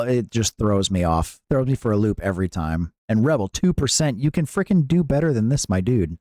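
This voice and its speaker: A man's voice: mid-range voice, animated, fairly quick, a little mellow, dry recording, clean studio sound. Playful man chatting on a live stream. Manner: playful, jokey, laughs often, reads and answers chat. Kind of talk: casual live-stream chat with viewers.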